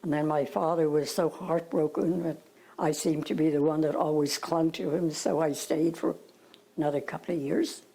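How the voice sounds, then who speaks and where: A woman's voice: low-pitched, steady tone, normal speed, vocal fry, mellow, breathy edge, low-quality recording. An older woman with an Irish accent, telling stories from her past in a rambling, hesitant way with fillers and asides. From Ireland. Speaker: interviewee. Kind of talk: reminiscing storytelling.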